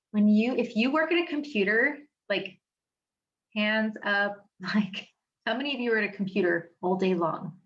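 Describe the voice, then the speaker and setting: A woman's voice: a little high, a bit bright, muffled recording. A woman giving a casual wellness seminar from her home office, chatty and emphatic, with many fillers. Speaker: wellness educator.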